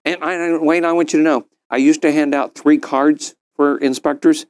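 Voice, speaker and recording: Animated middle-aged man telling stories. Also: fairly high pitch, fairly quick. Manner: animated, acts out quotes in a raised voice. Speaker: speaker at a business mastermind. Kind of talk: storytelling talk to a group.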